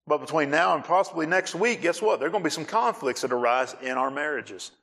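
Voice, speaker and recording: A male pastor preaching a sermon on marriage, animated, acting out scenes and raising his voice for emphasis. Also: a little high, a little fast, slightly rough.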